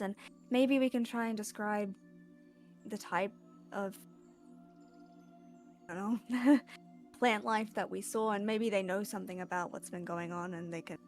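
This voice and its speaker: A chatty woman talking through a tabletop game session, often breaking into giggles and restarting her sentences. Her voice sits at a middle pitch, and faint music plays under the talk. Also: a little mellow. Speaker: tabletop game player and streamer. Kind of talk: casual tabletop game chat.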